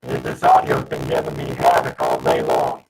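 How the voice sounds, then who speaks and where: A man's voice: a bass voice, monotone, moderate pace, vocal fry, distant mic. A man hosting a casual livestream, flustered and restarting his sentences while he fights audio trouble. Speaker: livestream host. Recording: noisy livestream audio with hiss.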